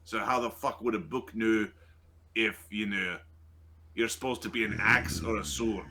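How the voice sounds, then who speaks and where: A man's voice: on the low side, fairly even intonation, normal speed, sharp tone, slight background noise. A man playing a tabletop game, chatting casually and joking with lots of laughter. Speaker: player.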